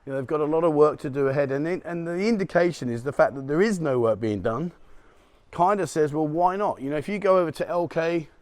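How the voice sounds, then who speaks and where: Bloke vlogging while he walks the street outside at dawn, slightly high voice, jokey and chatty. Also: fairly quick, a little mellow. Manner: chatty, joking, chuckles at his own remarks. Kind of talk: walk-and-talk street vlog. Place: outdoors on a city street at dawn.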